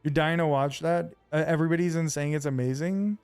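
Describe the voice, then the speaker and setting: A man's voice: a little high, fairly quick, smooth, no room sound, faint music behind. A man streaming a video game, chatting casually with his viewers in a loose, rambling way full of fillers. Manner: rambling, relaxed, lots of fillers.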